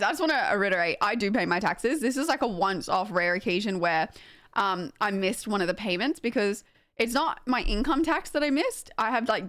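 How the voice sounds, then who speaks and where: Full of easy laughter and filler words, a young Australian woman with a mid-range voice talks animatedly and self-mockingly to her stream as a game streamer. There's no room sound.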